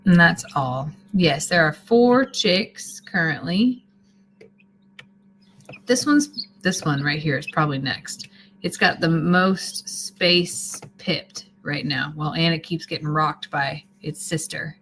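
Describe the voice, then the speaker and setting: A woman's voice: low voice, animated, takes it slowly, a bit bright, slight background noise. A woman chatting casually on a live stream, sleepy and rambling as she thanks viewers. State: sleepy, yawning. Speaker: homesteading livestreamer.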